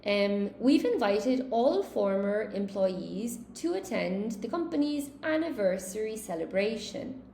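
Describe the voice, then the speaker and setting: Teaching English live to an online audience, this woman has a dark, gravelly, mid-range voice with a sing-song lilt, a slightly slow pace and hardly any pauses. Chatty throughout, she reads out questions from the chat, answers them and laughs when she trips up. Her recording has an echoey room sound and faint noise.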